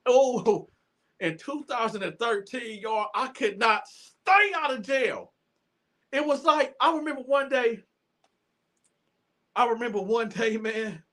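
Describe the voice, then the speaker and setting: High, bright-voiced man telling stories. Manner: animated, repetitive, stammering restarts. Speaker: show host. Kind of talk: casual storytelling monologue.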